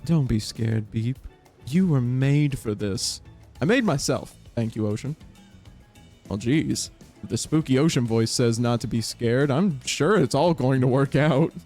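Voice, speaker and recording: A man streaming a dating game, reading its text aloud and reacting with playful laughs and sudden high-pitched bursts. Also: unhurried, darkish tone, soft background music.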